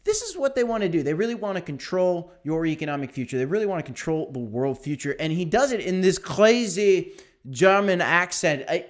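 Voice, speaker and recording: A man hosting a casual livestream, talking in an animated, emphatic way that repeats phrases. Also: high voice, fairly quick. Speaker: livestream host.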